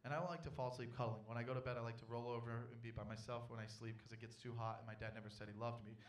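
A young man performing a stand-up comedy set on stage, telling a story with animated, loud panicky outbursts. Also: medium pitch, racing, recorded from a distance, very noisy.

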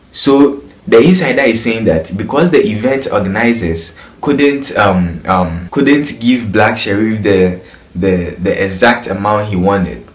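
A young man with a Ghanaian accent giving casual gossip commentary as an entertainment vlogger, chatty and always checking in with the listener. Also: on the low side. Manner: chatty, keeps asking "you get it?". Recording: roomy echo.

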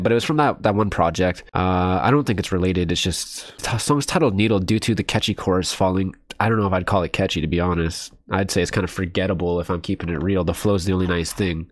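A man's voice: fairly low pitch, dry recording, clean studio sound. Blunt young man reacting to music. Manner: blunt and candid, says "dude" and "bro" often, swears freely. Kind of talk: casual first-listen reaction commentary.

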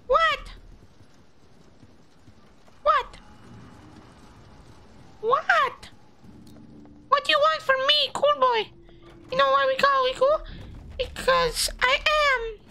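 A man voicing a whiny, bratty little boy who speaks in childish broken grammar and yells often during game commentary. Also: very high-pitched, steady tone, slow, gravelly, long pauses, a little hiss or hum, exaggerated voice. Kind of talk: in-character gaming commentary.

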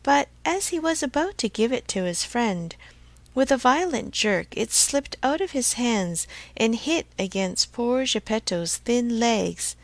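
A woman reading a storybook aloud for English learners in a clear, measured way. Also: a little high, lively intonation, no room sound. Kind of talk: scripted storybook narration.

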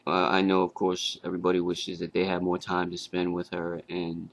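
A young man giving a halting, casual tribute to his late grandmother, with fillers and restarts. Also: low voice, completely flat delivery. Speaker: grieving grandson.

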